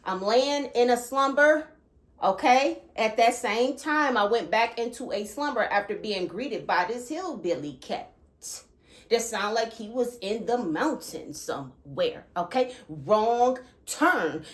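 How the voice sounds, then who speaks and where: A woman hosting her own channel, talking earnestly about spiritual experiences and often checking in with listeners by asking "okay?". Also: fairly high pitch. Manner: animated and emphatic when recounting disturbing thoughts. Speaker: channel host. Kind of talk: earnest spiritual vlog talk.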